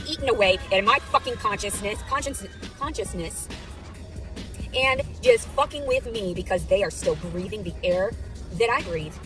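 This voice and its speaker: A woman in a filmed clip ranting angrily with constant swearing. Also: on the high side. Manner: ranting, furious, heavily profane. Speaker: vlogger in clips. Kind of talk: angry monologue to camera.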